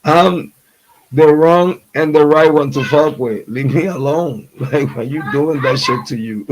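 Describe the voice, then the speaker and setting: A man's voice: a little high, a little slow, low-quality recording. A man hosting a true crime livestream, chatting casually before the show with loose, profane trash talk, frequent laughter and playful affection for his family.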